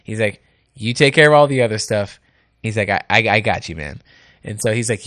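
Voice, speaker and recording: A man who hosts radio, chatting casually on a podcast and telling animated stories that act out the people he quotes. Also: on the low side, quick pace, dry recording, clean studio sound. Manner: animated, acts out quoted people, laughs often. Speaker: radio host and race organizer. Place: indoor podcast studio.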